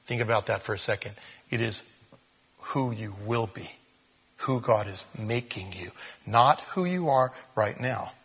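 A pastor preaching an expository sermon, animated, with sudden loud rises to stress words. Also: male voice, fairly low pitch, unhurried, husky. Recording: long reverb of a large hall.

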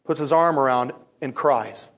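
At normal speed and in a mid-range voice, a male pastor preaches with animated storytelling. He voices characters and leans on repeated phrases for emphasis.

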